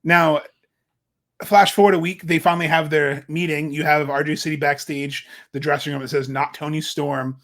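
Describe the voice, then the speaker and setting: A young adult man co-hosting a podcast in casual chat, animated and acting out quotes in put-on voices. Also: fairly high pitch, moderate pace. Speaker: podcast co-host.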